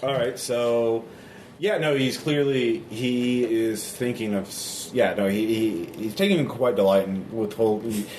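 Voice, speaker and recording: A man narrating as game master in a tabletop game, halting with many fillers. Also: medium pitch, steady tone, a little mellow. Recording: echoey room from a distance, background noise.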